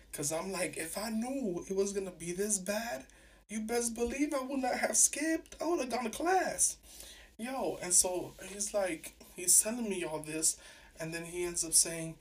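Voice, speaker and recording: A man's voice: a little high, moderate pace. Young guy from nyc telling a story casual, doing all the voices, kinda far off the mic. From New York City. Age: young adult. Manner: animated retelling, acting out both sides of dialogue. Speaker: podcast host.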